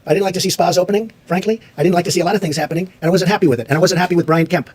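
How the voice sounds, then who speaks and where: A man's voice: high voice, rapid-fire, darkish tone, slightly rough. A man, the president, answering reporters at a press briefing in a combative, repetitive way.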